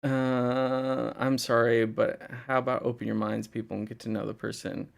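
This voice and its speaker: A man's voice: mid-range voice, flat delivery, normal speed, gravelly. A young man from Indiana, rambling casually on a livestream, laughing and swearing as he reads chat. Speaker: livestream host.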